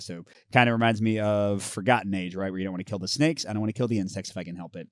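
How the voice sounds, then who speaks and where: A man's voice: on the low side, quick pace, no room sound, studio quality. A man hosting a tabletop card game playthrough, chatting casually as he explains the rules and reads the story text aloud. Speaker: host of a board game channel.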